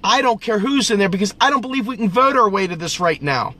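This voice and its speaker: Guy venting hard, sharp bright voice, cusses a lot, keeps repeating himself. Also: high-pitched, animated, quick pace. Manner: blunt, profane and preachy, repeats phrases for emphasis. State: coughing at times. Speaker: political video host. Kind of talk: impassioned ranting vent session.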